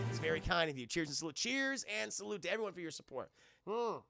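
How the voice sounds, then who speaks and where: A young man streaming a casual, profane scene-by-scene movie recap, acting out characters in quick quoted bits and thanking his chat. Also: high-pitched, lively intonation, creaky, over music. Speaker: movie reviewer streaming live.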